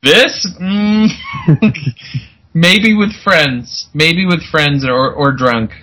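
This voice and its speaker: Recapping a movie on a podcast he co-hosts, this man talks very slowly in a sharp, rather high voice. The recording is rough with slight background noise, and he stays laid-back, laughing and voicing characters' quoted lines.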